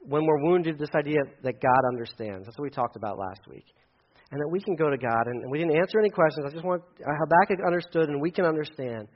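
A male pastor preaching a sermon with an animated delivery, acting out quotes in loud, high bursts. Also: muffled recording.

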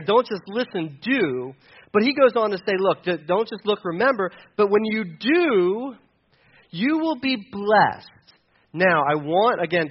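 Male pastor, relaxed sermon delivery, slightly raised pitch, dull lo-fi recording. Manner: conversational, self-deprecating, acts out little scenes.

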